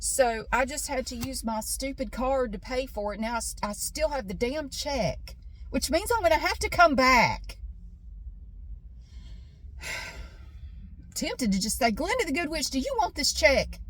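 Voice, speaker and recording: A woman's voice: high voice, lively intonation, a little slow, pauses often, fairly bright tone. Chatty ranting middle-aged woman. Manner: chatty, exasperated ranting with swearing. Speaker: vlogger. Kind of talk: casual storytelling vlog.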